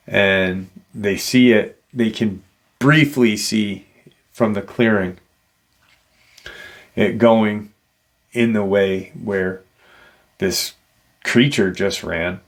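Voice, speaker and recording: A man with a low, gravelly voice retells a strange encounter for his show. He talks slowly and haltingly, filling the gaps with "you know" as he goes. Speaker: paranormal storyteller host.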